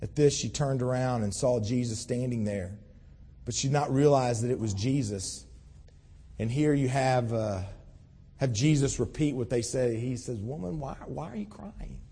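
A man's voice: medium pitch, moderate pace, dark tone, breathy edge. A man preaching a conversational sermon, reading scripture and explaining it in an earnest, storytelling way. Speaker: pastor. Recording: long hall reverb.

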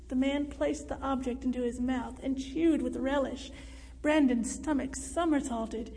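Woman storybook narrator, expressive and measured, high voice in a reverberant room. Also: slight background noise. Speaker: audiobook narrator.

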